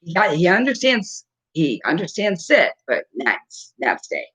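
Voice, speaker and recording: A woman's voice: on the low side, wildly swooping pitch, a little slow, a bit bright, slightly rough. A woman in her fifties chatting casually to camera at home, rambling and laughing often as she talks. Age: 50s. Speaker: vlogger. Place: at home with a dog. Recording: dull lo-fi recording.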